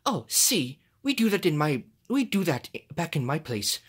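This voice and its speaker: A woman's voice: deep voice, sing-song, breathy edge, exaggerated voice. A woman voicing a cheerful male cactus with a put-on Spanish accent, dropping Spanish words in home toy play-acting. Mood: friendly. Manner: sprinkles Spanish words, drawn-out "oh, see". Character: cheerful male Mexican cactus, friendly and easygoing.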